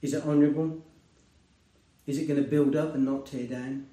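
A man preaching a sermon and sharing a personal testimony, earnest and conversational, rising to loud emphasis and dropping to hushed tones. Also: mid-range voice, fairly even intonation, normal speed. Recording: roomy, distant mic.

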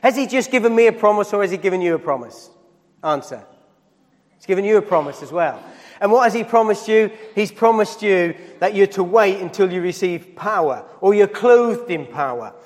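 A man's voice: high-pitched, expressive, moderate pace, long reverb tail. A man preaching a sermon as pastor, putting questions to the congregation and building emphasis as he goes. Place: church hall.

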